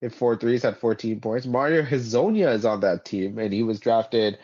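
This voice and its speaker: A man co-hosting a sports podcast who reels off numbers and player stats in a dry, lightly sarcastic way. His voice sits at a middle pitch. The audio is muffled and lo-fi. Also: normal speed, darkish tone. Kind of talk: casual sports chat.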